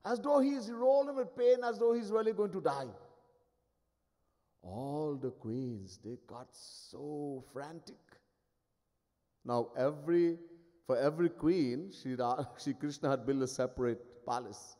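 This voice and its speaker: Swami storyteller, man, somewhat high voice, acts out figures, live hall reverb. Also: a little slow. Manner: animated, acts out each figure, chuckles often. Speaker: swami giving a discourse. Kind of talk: devotional storytelling sermon.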